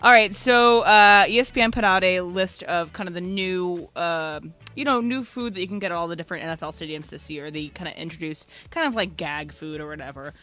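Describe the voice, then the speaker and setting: A woman co-hosting a sports radio show, leading segments in jokey, animated studio banter. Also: lowish voice, a little fast, hardly any pauses.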